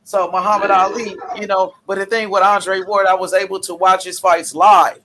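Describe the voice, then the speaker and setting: A man's voice: high-pitched, level tone, moderate pace, noisy background. A man hosting a casual boxing chat, enthusiastic and leaning on "you know". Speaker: boxing channel host.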